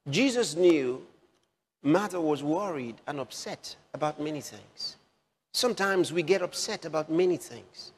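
A man's voice: a little high, animated, normal speed, slightly rough, in a large hall. A man preaching a sermon, repeating phrases for emphasis and asking listeners direct questions.

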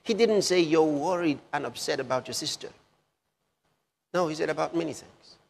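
A man preaching a sermon slowly, repeating key phrases for emphasis with drawn-out pauses. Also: on the high side, gravelly, a little hiss or hum. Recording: long hall reverb.

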